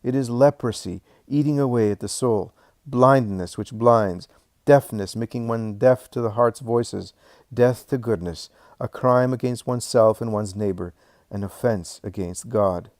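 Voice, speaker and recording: A man narrating a first-person memoir in a slow, measured, emotional way, building to swelling emphasis on key phrases. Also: medium pitch, a little mellow, no echo, clean studio sound. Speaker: audiobook narrator.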